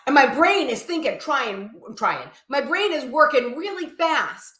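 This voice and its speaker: A middle-aged woman, a live-show guest, telling a story in a casual, animated way and acting out quoted voices. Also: sits high, normal speed. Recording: echoey room.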